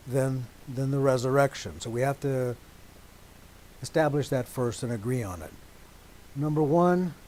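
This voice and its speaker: A man preaching a teaching sermon to a congregation, deliberate and emphatic, stopping often to check that his listeners agree. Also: medium pitch, mellow, poor audio.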